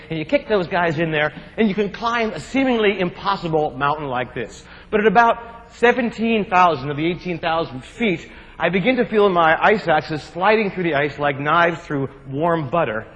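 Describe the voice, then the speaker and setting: A man from New Jersey giving a humorous keynote speech, telling adventure stories in an animated, joking way. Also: fairly high pitch. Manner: animated, jokey, acts out shouts and quotes. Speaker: keynote speaker. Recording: long hall reverb.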